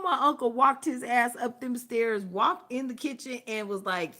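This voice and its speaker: A woman's voice: on the high side, unhurried. Profane, laughing woman telling a story. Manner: profane, animated, laughs often while telling. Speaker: livestream host. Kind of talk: casual storytelling. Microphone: phone or webcam, livestream.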